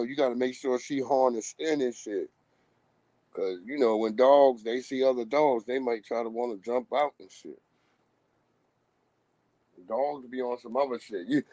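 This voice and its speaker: A man's voice: medium pitch, darkish tone, no echo. A man hosting a live stream, rambling in casual street slang and laughing as he talks.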